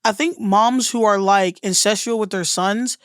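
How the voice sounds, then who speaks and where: A woman's voice: medium pitch, unhurried, smooth, no echo, clean studio sound. A woman guest co-hosting a podcast, chatting casually, laughing and swearing through rambling opinions. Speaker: guest co-host.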